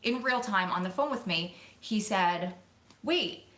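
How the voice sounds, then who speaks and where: A woman vlogger telling a story to her viewers in an excited, emotional, rushing way. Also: medium pitch. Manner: excited, emotional, talks fast in bursts. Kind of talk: casual storytelling to camera. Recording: echoey room.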